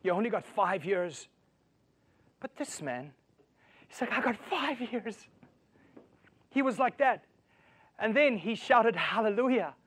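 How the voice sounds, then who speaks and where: A man preaching a sermon, swinging from loud emphatic lines to hushed storytelling and asking his listeners rhetorical questions. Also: high-pitched, lively intonation, measured pace, long pauses. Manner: asks the audience rhetorical questions. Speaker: pastor.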